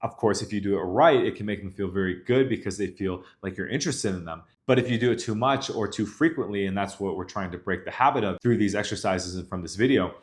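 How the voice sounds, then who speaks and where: Young man, dating coach, lowish voice, assured instructional delivery. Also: quick pace, hardly any pauses. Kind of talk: instructional talk to camera.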